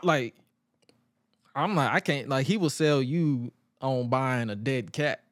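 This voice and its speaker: Speaking slowly in a mid-range voice, a man co-hosts a podcast where he casually goes over wrestling, telling it with animated humor and acting out the funny lines. The studio-quality recording carries no room sound.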